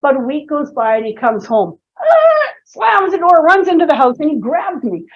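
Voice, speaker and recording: A woman's voice: sits high, very animated, moderate pace. A woman presenting a seminar talk, telling playful personal stories with asides to the audience. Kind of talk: humorous storytelling seminar talk. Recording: dull lo-fi lecture recording.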